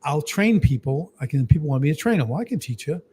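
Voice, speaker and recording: A middle-aged man as an interview guest, telling stories in an animated way, full of "you know" and "like". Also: fairly high pitch, fast, a little hiss or hum. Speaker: guest, business coach. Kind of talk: storytelling interview talk.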